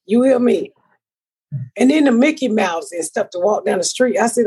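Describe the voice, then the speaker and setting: This is an American woman in middle age, hosting a casual podcast. Her voice is raspy and breathy, sitting a bit high. She tells profane, animated stories, acting out her own lines and everyone else's. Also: normal speed. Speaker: podcast host. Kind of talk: casual chat, storytelling.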